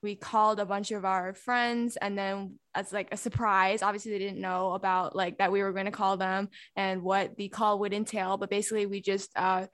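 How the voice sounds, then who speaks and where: A woman's voice: mid-range voice, little pitch movement, normal speed, few pauses, fairly bright tone. A woman podcast co-host chatting casually in an interview, acting out remarks she quotes.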